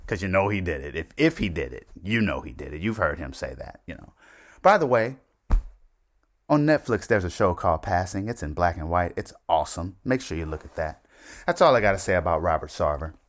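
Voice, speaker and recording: A middle-aged man hosting a solo talk show, rambling conversationally with asides and self-corrections. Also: deep voice. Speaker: podcast host. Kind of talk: casual solo commentary.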